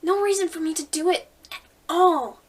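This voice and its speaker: A woman's voice: very high-pitched, normal speed, voice pushed up. A woman voicing a stubborn young girl, tense and insistent, on a slightly distant mic.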